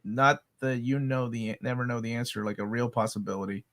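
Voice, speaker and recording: A man's voice: mid-range voice, steady tone, fairly quick, fairly bright tone. A man co-hosting a live question-and-answer chat, joking and laughing often. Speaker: co-host.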